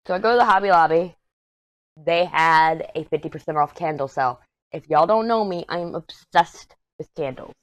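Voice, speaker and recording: A woman's voice: fairly low pitch, dry recording. A woman from Texas, chatting casually in a rambling, storytelling way while she works on a craft for her vlog. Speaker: craft vlogger. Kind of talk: casual chat while diamond painting.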